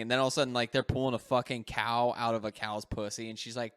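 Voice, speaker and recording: A man's voice: mid-range voice, fast, few pauses, fairly bright tone, clear, resonant tone. A young man co-hosting a podcast, chatting casually, laughing often and swearing freely. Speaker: podcast co-host. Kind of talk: casual chat.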